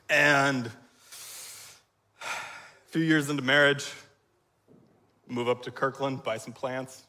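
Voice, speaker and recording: A man in his thirties delivers a sermon testimony from a church stage, his voice bright and forward on the stage mic. He is crying as he talks, halting often and clearing his throat between phrases. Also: mid-range voice, steady tone. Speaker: church speaker.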